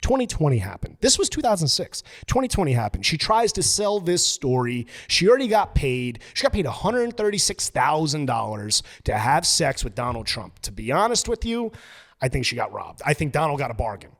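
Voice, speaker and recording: A man's voice: fairly high pitch, big pitch swings, fairly quick. A man hosting a podcast, ranting in a casual, emphatic and profane way. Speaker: podcast host.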